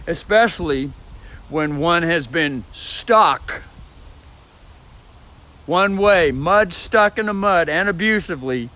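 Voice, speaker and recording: A man talks into his camera at home in a slow, drawn-out ramble. He circles back over the same points and curses casually, and his voice sits high and bright. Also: expressive. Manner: profane, repetitive, demonstrates voice sounds. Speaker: vlogger. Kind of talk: rambling vlog monologue about voice technique. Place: indoors at home. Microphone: phone or camera mic.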